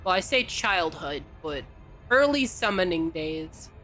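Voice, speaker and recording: Woman streamer from california, joking with chat, sharp bright tone. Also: lowish voice, lively intonation, unhurried, faint music behind. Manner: playful, teasing, answers chat. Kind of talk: casual game-stream chat.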